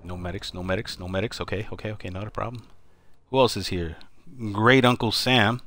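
A man's voice: on the low side, steady tone, fairly quick, sharp tone. A man giving live commentary on his own gameplay as he streams, cracking wise and repeating catchphrases. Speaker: game streamer.

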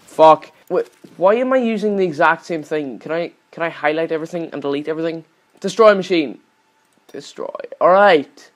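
A young man giving casual gameplay commentary as a channel host. He swears constantly and yells at the game whenever it goes wrong. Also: a little high, moderate pace.

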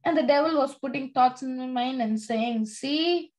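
A woman's voice: high voice, moderate pace, darkish tone, rough recording. A young girl from India leading a children's Bible study, telling a personal story earnestly with many fillers and "okay?" checks. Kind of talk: sermon-like testimony.

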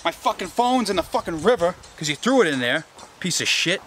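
A man's voice: sits high, very animated, brisk, slight background noise. A man playing a frantic foul-mouthed crew guy. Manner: swearing, frantic, shouting names. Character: foul-mouthed male crew member lost in the woods.

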